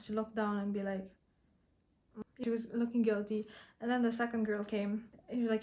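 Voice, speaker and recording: A woman's voice: mid-range voice, flat delivery, normal speed, pauses often, warm tone. A young woman, a content creator, candidly telling a personal story in a reflective vlog, with frequent restarts and "like".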